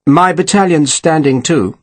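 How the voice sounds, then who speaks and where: A man's voice: on the high side, a little slow, voice pushed up. Man doing stiff, defensive colonel. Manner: stiff, trying for dignity.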